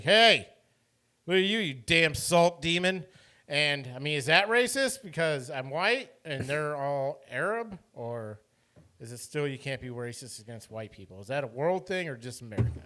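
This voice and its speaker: Man, rambling podcast co-host, bright forceful tone, laughs easily. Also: medium pitch. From Iowa. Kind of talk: casual chat.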